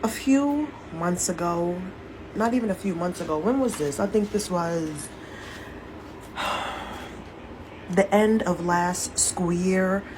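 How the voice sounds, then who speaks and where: A woman's voice: on the low side, slow, long pauses, noisy background. Candid swearing woman vlogging to followers. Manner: candid, rambling, heavy swearing. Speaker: social media poster. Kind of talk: casual vlog to followers.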